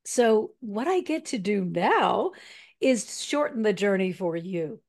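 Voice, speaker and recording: A woman spiritual counselor speaking as a podcast guest, deliberate and earnest in an encouraging way. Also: mid-range voice, sing-song, a little mellow. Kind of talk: motivational interview talk.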